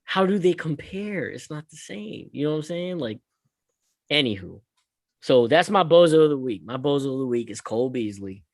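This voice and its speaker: Animated, ranting male podcast host. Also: on the high side, normal speed, no echo. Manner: animated, profane, swings loud and quiet. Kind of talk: casual ranting chat.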